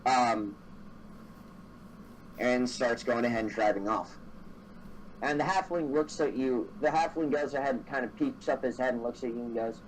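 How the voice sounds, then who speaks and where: A man running a tabletop game as dungeon master, loose and rambling, pausing to think. His mic picks him up from a distance, with faint background noise. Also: mid-range voice. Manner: rambling, with many fillers.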